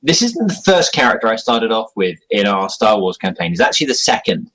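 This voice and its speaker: Talking as an interview guest, this young man rambles about his role-playing game character in a loose, self-deprecating way, chuckling frequently. He sounds very animated and fairly quick, with a lowish, fairly bright voice on a low-quality recording.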